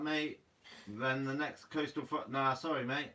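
Laid-back young Guernsey man, bright voice. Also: mid-range voice, steady tone, a little slow, far from the mic, a little hiss or hum, low-quality recording. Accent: Guernsey English. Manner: laid-back, says "mate" a lot. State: sleepy. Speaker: fishing channel host. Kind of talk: casual live Q&A reading comments.

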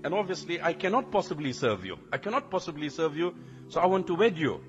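A man voicing an admiring young woman who earnestly asks a scholar to marry her, in a formal, flattering way. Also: a little high, fast, dull audio. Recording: long hall reverb, faint music.

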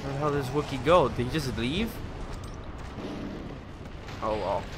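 Excitable man narrating gameplay over music. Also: medium pitch, unhurried. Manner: excitable, swears, yells attack moves. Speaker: let's play commentator. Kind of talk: casual gameplay commentary. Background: loud game music.

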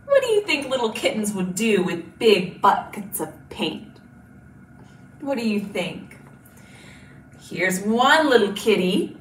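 A woman's voice: mid-range voice, big pitch swings, slow, long pauses. A woman librarian leading a children's storytime activity, gasping and exaggerating every reaction for small children. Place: library room. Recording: roomy and distant, faint hiss.

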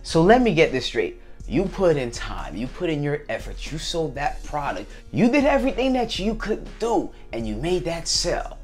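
A man vlogging casually to his viewers, animated and acting out little scenes in different voices. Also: a little high, moderate pace, soft background music. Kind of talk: casual talk to camera.

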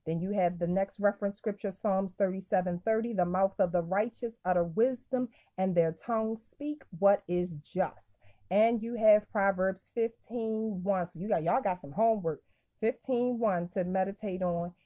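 A woman's voice: mid-range voice, normal speed, mellow. Woman preaching casually over a phone stream. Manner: casual, emphatic, repeats phrases. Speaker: minister. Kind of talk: live-streamed devotional teaching.

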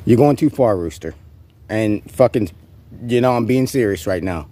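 A man's voice: lowish voice, animated, normal speed, warm tone. A man vlogging an in-character rant, rambling, profane and taunting an unseen rival.

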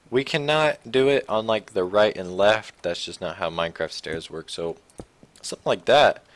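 Low-voiced young man rambling through gameplay. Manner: rambling, self-correcting, low-key with sudden excited outbursts. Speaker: gaming channel host. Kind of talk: casual Minecraft let's play commentary.

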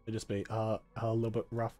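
A man running a tabletop game as game master, narrating and explaining in a relaxed way. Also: lowish voice, fast talker, faint music behind.

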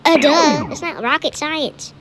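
Young female gaming host, high and bouncy, jumpy, chatty commentary, noisy mic. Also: unhurried. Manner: excitable, jumpy, chatty, yelps and laughs at scares. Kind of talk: live gameplay commentary.

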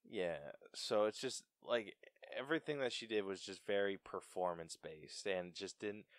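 Young lower-voiced guy, chatty film podcaster, trips over words, laughs a lot, dry mic. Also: normal speed, no room sound. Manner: animated, stumbles and laughs often. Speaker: podcast co-host. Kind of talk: casual film review chat.

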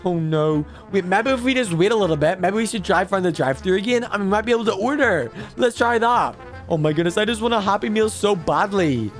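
A man voicing an excitable, greedy toddler boy, commenting on his gameplay in a babyish voice. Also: a little fast, soft background music. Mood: excited. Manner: high babyish voice, excitable gaming chatter.

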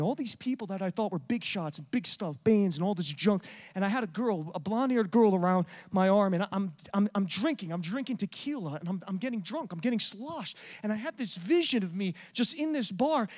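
A man preaching a sermon with passion, swinging from loud urging to hushed, intimate talk. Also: high-pitched.

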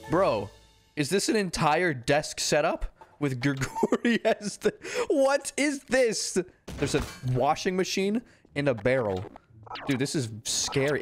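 Jumpy young man doing gameplay commentary. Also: medium pitch. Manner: jumpy, yelps and laughs when startled. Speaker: gaming YouTuber.

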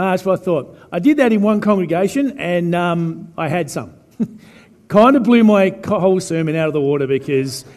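A man's voice: a little high, darkish tone. A man preaching a chatty, joking sermon as pastor. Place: church hall. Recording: reverberant church hall.

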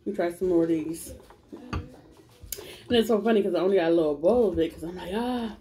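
In this one her voice is lowish and dark in tone, and she talks fast. At home she hosts a mukbang vlog, chatting to "y'all" as she eats, smacking and humming, while a crying baby and household noise fill the noisy recording.

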